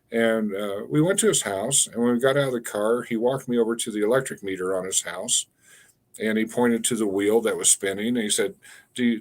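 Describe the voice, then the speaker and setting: Man in his 60s, low-pitched, halting storyteller who leans on fillers and restarts his phrases. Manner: halting, with frequent fillers and repeated words. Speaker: guest, energy healer. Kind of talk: storytelling in a conversational interview.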